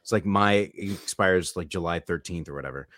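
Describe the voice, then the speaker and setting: A man hosting a casual podcast, rambling and joking with his co-hosts. His voice sits on the low side. The sound is dry and close. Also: fairly quick, fairly bright tone, no room sound. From California. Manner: jokey, rambling, asks the guests questions. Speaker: podcast host.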